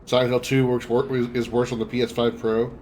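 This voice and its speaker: A man livestreaming a video game, chatting casually and making wry remarks to his viewers. His voice sits at a middling pitch. There is a faint noise in the background. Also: little pitch movement, brisk, a little mellow. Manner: wry, chatty, talks to chat.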